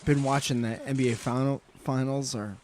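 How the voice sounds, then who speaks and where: A man's voice: mid-range voice, fairly even intonation, moderate pace. A man co-hosting a comedy podcast in casual chat, dropping dry, laid-back quips. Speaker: podcast co-host. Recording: loud background noise.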